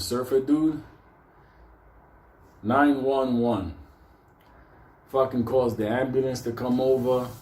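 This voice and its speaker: A man's voice: mid-range voice, warm tone, reverberant. A man telling a story casually, swearing constantly and laughing between lines. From New York.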